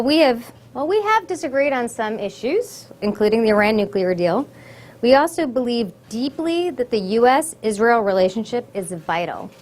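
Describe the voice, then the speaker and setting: A woman's voice: fairly high pitch, darkish tone. A woman hosting a think-tank event, giving earnest, formal welcoming remarks from prepared words. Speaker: event host.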